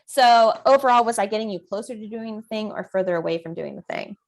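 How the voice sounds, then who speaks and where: A woman's voice: mid-range voice, quick pace, gravelly. A woman, a parent coach, leading a coaching discussion with questions and role-play over a video call.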